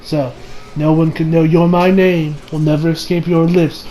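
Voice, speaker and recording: A man voicing a calm, menacing male killer who speaks slowly and quietly in a low tone. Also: a little hiss or hum, lightly acted, rough recording. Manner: low, quiet, slow and threatening.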